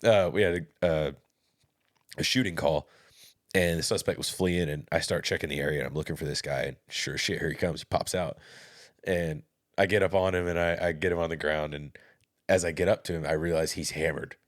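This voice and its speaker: A man's voice: deep voice, steady tone, brisk. A man telling stories from police work as a podcast guest, laughing often. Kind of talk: casual storytelling.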